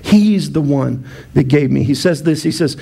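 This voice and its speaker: A man's voice: fairly high pitch, normal speed, gravelly, mellow, husky. A male pastor delivering a sermon, playful and self-mocking, calling for responses from the congregation and often restarting his sentences.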